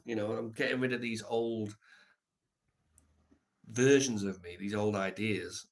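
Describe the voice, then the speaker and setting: A man live streaming, telling a reflective story in a soft, halting way with many pauses. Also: lowish voice, steady tone.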